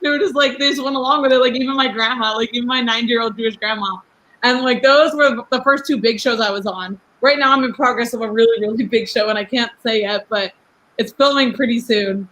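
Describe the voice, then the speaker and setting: A woman's voice: a little high, fairly bright tone, poor audio. A young woman in her twenties talking in a casual podcast chat as a guest. She is outspoken, laughs often and fills her talk with "like". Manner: fast, chatty, lots of "like" fillers. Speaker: guest, rapper.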